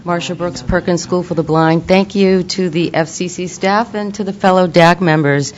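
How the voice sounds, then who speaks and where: A woman's voice: fairly low pitch, fairly even intonation, normal speed, muffled recording, a little hiss or hum. A woman with a Boston accent, co-chairing a subcommittee and presenting its report at a committee meeting, with many fillers. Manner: reads formal recommendations aloud, with many fillers. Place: meeting room.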